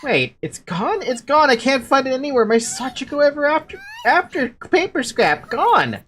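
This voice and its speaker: A woman's voice: on the low side, big pitch swings, measured pace, slight background noise, voice pushed up. A woman voicing a timid schoolgirl who is frightened and alone, read from game dialogue. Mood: panicked. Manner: anxious, pleading. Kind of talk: reading game dialogue aloud.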